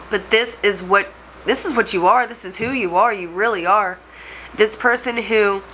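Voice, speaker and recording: A woman's voice: mid-range voice, sharp tone, a little hiss or hum, poor audio. A woman tarot reader addressing viewers directly, talking in an emotional, rambling way. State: choked up. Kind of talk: channeled tarot reading to camera.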